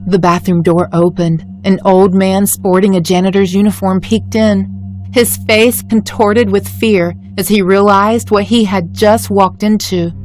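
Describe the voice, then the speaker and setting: A woman reading a scripted first-person horror story in a measured, dramatic way. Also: mid-range voice, steady tone, darkish tone. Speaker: story narrator.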